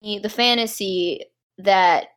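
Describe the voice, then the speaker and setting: A woman co-hosting a relaxed movie review show in a playful, teasing manner. Her voice sits at an ordinary middle pitch, and she keeps the chat light and silly. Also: takes it slowly, smooth. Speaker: podcast co-host. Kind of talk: casual chat.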